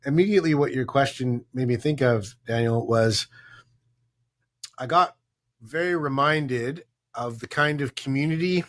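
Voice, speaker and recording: A man, a company co-founder, speaking as an interview guest in an earnest, measured, heartfelt way. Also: medium pitch. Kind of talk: reflective conversation.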